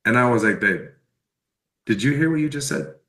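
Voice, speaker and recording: Animated man telling a story, bright tone. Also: mid-range voice, quick pace, roomy sound. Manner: animated, acts out quoted dialogue. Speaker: speaker sharing a personal testimony. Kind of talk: energetic storytelling testimonial.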